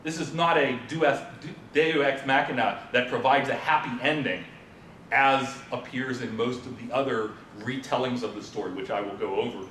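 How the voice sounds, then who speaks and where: Man, lecture presenter, informal, casual fillers, mid pitch, distant mic, faint background rumble. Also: fairly even intonation, normal speed, fairly bright tone, echoey room. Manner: informal lecturing with fillers, asks the audience questions. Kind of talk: conference presentation. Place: presentation room at a symposium.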